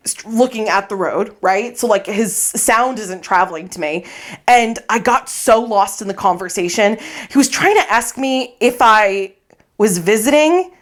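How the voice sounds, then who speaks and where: A woman co-hosting a podcast, telling a funny story in casual chat, animated, swearing freely and acting out her own lines. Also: medium pitch. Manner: animated, swearing, acts out her own quotes, laughs often. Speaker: podcast co-host. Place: podcast recording space.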